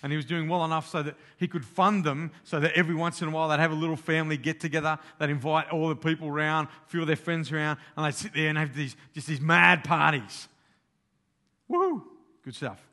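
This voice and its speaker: A man's voice: a little high, fairly even intonation, quick pace, few pauses, pushed and bright. Man preaching in a casual storytelling way. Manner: conversational, retelling a story in everyday slang. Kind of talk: sermon storytelling.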